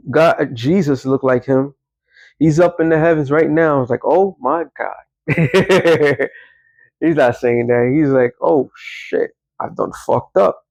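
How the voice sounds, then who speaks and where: A man's voice: fairly high pitch, darkish tone, dry recording, poor audio. A man giving casual, rambling religious commentary, emphatic and often correcting himself mid-sentence. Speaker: online commentator.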